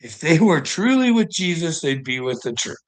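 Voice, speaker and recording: A man with a somewhat high voice delivers a fiery solo rant. He swears constantly and breaks into short laughs between points. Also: big pitch swings, normal speed. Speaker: vlogger. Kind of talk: profane ranting monologue.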